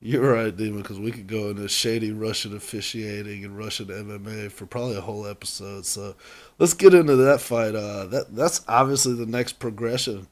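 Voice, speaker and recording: Animated man, casual podcast co-host. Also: lowish voice, brisk. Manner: animated, laughs often. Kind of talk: casual chat.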